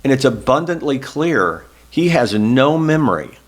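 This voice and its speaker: A very animated man with a medium-pitched voice speaks a little slowly, recounting earnest, self-deprecating stories. He is a middle-aged former Oklahoma state senator reflecting on his life in an oral history interview.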